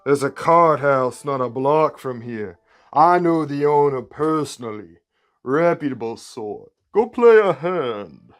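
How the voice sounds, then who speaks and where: A man voicing a large, sly male catfish crime boss with a slow, coaxing Mississippi Southern drawl. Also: medium pitch, animated. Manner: slow, smooth, coaxing menace.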